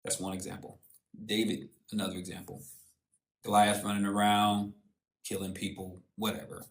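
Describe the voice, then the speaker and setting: A man's voice: fairly low pitch, monotone, normal speed. A man hosting a live stream, giving a casual motivational talk in a preachy, storytelling way with slang.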